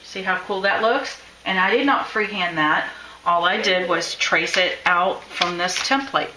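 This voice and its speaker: A woman's voice: on the low side, measured pace, pushed and bright, roomy sound, slight background noise, poor audio. Chatty woman teaching a craft class. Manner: chatty, encouraging, thinks aloud while drawing. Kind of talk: live-streamed craft lesson.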